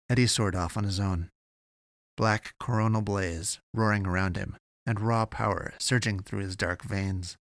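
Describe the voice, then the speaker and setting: A man narrating a science fiction audiobook in a steady, measured way. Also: lowish voice, creaky, dry recording, clean studio sound.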